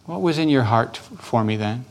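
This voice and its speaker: A male pastor leads a guided prayer in a patient, gentle manner. His voice sits at an ordinary middle pitch, and he repeats his questions as he coaches his listeners. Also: expressive, normal speed.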